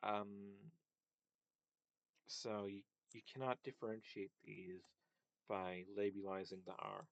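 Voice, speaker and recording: A man speaking slowly in a low, fairly flat voice, hesitating often with fillers. He explains sounds by saying them over and over in a casual lecture. The recording is dry and close. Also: no echo, highs cut off. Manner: hesitant, many fillers, repeats sounds to demonstrate. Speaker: linguistics presenter.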